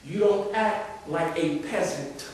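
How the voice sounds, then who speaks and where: Male pastor, middle-aged, high-pitched sermon delivery from quiet to loud playful scolding; very echoey church, faint hiss. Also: takes it slowly. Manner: swings from hushed talk to loud, playful scolding. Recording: very echoey hall, far-off mic, faint hiss.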